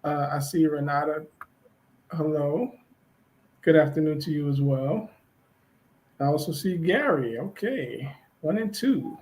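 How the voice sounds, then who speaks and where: A man co-hosting an online talk show, relaxed and easygoing, with lots of fillers. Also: on the high side, measured pace, pauses often. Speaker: co-host.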